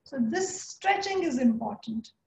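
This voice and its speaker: Young Indian-accented woman as encouraging yoga teacher, slow-paced, recorded in a roomy space. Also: high-pitched, animated, vocal fry, darkish tone. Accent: Indian English. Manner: encouraging, coaching by name, slow cues. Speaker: yoga instructor. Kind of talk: live online chair yoga class.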